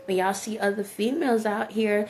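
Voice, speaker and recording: A woman's voice: medium pitch, fairly even intonation, normal speed, a little mellow, slight background noise. A woman, talking casually to her viewers in a rhetorical monologue and often laughing at her own jokes. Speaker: vlogger.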